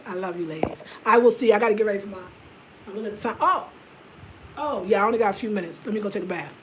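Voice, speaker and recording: Lively, slangy woman in her fifties. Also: fast talker, slight background noise, poor audio. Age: 50s. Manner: energetic, slangy and excitable, swinging from loud laughter to low murmurs. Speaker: vlogger. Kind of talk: casual chat to camera.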